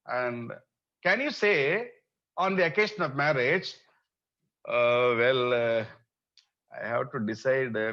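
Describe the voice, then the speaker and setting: A man giving an online university lecture, repeating phrases, asking rhetorical questions and pausing often with "uh". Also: mid-range voice, fairly bright tone, highs cut off.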